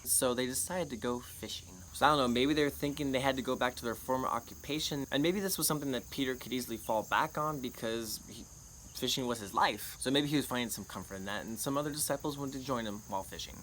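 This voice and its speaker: A man walks through a Bible passage in a relaxed, chatty way, tossing in playful jokes. His voice sits in a middle pitch. Faint crickets chirp in the background. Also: a little hiss or hum, poor audio. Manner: playful, jokey asides. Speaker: Bible teacher. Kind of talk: casual Bible lesson.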